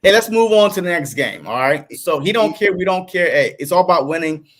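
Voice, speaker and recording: A man's voice: high voice, lively intonation, a little fast, a bit bright. A man co-hosting a casual sports podcast, laid-back and peppering his talk with "man". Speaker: podcast co-host.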